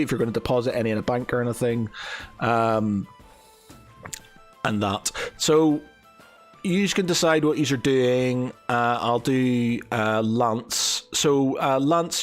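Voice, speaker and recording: A man narrating a tabletop game as game master, hesitant and full of fillers. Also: medium pitch. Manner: hesitant, filler-heavy, rambling.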